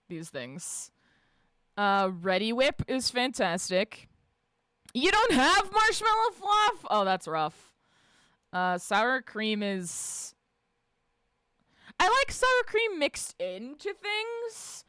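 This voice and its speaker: A woman streamer chatting casually with her live chat, swearing freely, laughing often and shouting out greetings. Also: medium pitch, clear, resonant tone, no echo, clean studio sound. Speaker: livestreamer reading and answering chat.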